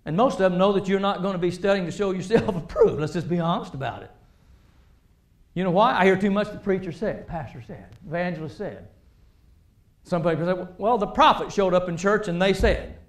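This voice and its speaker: A man preaching a sermon, animated, swinging between loud emphasis and quiet asides. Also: sits high, a little fast, echoey room.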